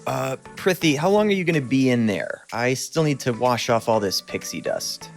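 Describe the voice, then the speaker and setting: A weary young adventurer, played by a player in a tabletop game, calling out wryly and a little hesitantly. The pitch swings lively over faint music. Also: normal speed, creaky.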